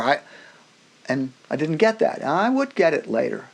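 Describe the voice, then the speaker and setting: A middle-aged man, a music professor guest on a podcast, telling personal stories in an animated way, acting out other people's voices and often restarting his sentences. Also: on the high side, brisk, gravelly. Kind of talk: personal storytelling in a conversation.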